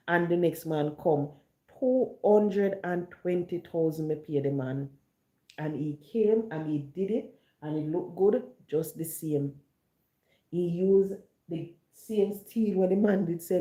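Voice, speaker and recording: A woman's voice: deep voice, warm tone. A woman with a Jamaican accent chatting to viewers, telling stories and mixing patois with standard English. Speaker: online chat host. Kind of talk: casual monologue to viewers. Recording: roomy echo.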